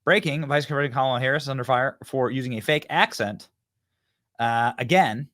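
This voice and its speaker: A man's voice: mid-range voice, fairly quick, a bit bright. A man hosting a political commentary show, mocking and sarcastic, with frequent fillers.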